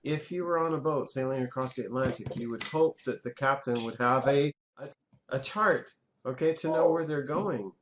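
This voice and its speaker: A man's voice: medium pitch, moderate pace, fairly bright tone. A man, teaching a French class in a classroom and having students repeat words back.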